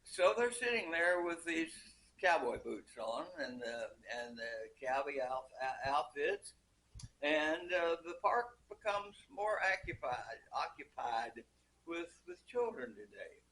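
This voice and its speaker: An older man telling a long joke as a story, pausing a lot and restarting his sentences. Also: on the high side, sing-song, sharp tone, a little hiss or hum, poor audio. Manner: hesitant, many fillers and restarts.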